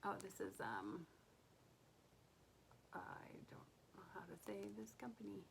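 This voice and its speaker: Woman, casual craft haul chat, gushing, slow pace, gravelly fry, faint hiss behind. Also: medium pitch, sing-song, low-quality recording. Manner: gushing, soft-spoken, often drops to a whisper. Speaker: cross stitch vlogger.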